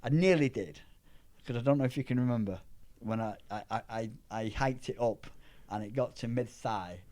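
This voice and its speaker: Middle-aged guy rambling through gym and travel stories, normal pitch, lots of restarts. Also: moderate pace. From England. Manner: rambling, animated anecdotes with restarts. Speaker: powerlifter guest. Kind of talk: casual storytelling chat.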